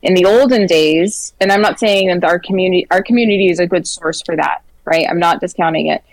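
A woman guest speaking in an earnest, halting way, with frequent fillers and restarts as she tells stories in a casual interview. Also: on the low side, dry recording, low-quality recording.

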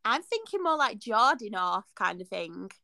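A woman's voice: medium pitch, very animated, normal speed, creaky, sharp tone, no room sound, studio quality. A woman from northern England with a northern English accent, co-hosting a podcast in bubbly, laughing casual chat full of slang. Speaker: podcast co-host.

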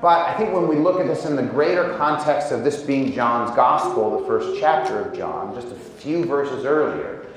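Pastor from indiana giving a sermon, chatty and jokey, big echoey church. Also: male voice, medium pitch, animated, moderate pace. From Indiana, USA. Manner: conversational and humorous, with acted quotes.

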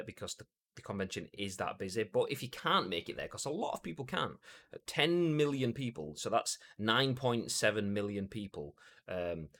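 A young English man hosting a gaming news stream in a casual, jokey chat. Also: medium pitch. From England. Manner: animated, jokey, puts on silly voices. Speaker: gaming news show host.

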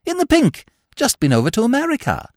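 A breezy young gentleman, voiced by a man, chattering in bright, brisk bursts. His voice bounces with wide swings of pitch. The sound is dry and close. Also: huge pitch swings, no echo, full character voice.

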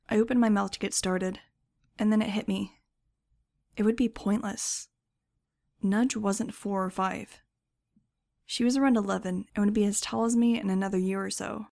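A woman reads a first-person audiobook with wry, measured storytelling. Her voice sits mid-range with a gravelly fry. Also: medium pitch, darkish tone. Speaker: audiobook narrator.

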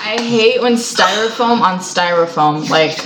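A woman's voice: mid-range voice, unhurried, reverberant, heavy background noise. A young woman on a podcast, chatting bluntly and cursing freely. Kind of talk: casual chat.

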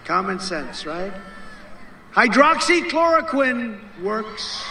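A man's voice: sits high, unhurried, echoey room, crowd noise, background noise. A man giving a rally speech, emphatic and repetitive, mocking the people he quotes.

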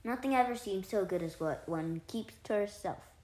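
A woman's voice: medium pitch, moderate pace, darkish tone, close to an everyday voice. A sly, greedy cat, as a woman reading a storybook puts her on, who talks coolly and offhandedly with a smug edge. Her voice sits close to the reader's own middle register. It echoes in a roomy space. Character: greedy, sly, cool-tempered female cat. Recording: roomy echo.

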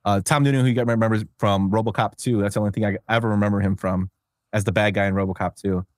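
A man's voice: on the low side, steady tone, fast talker, a little mellow, dry recording, studio quality. A man hosting a podcast, chatting casually and rambling with filler words. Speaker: podcast host. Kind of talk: casual chat.

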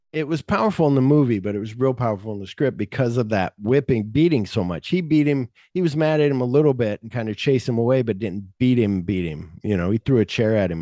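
Man retelling a script, animated and dry. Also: mid-range voice, no room sound. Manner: animated storyteller, acts out quotes in a raised voice, swears often. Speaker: podcast host. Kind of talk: casual chat retelling a film script.

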